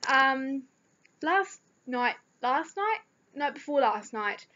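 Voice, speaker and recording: A teenage girl with a New Zealand accent chats to her camera with a slightly high voice. She rambles through a story with plenty of fillers. The recording sounds dull and lo-fi. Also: expressive, slow, bright, forceful tone, slight background noise. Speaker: vlogger. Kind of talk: casual chat.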